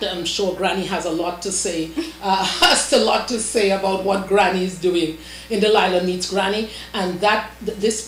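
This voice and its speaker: A woman hosting a studio interview, talking in a measured way with many pauses and fillers. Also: mid-range voice, a little hiss or hum. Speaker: talk show host. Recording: echoey studio.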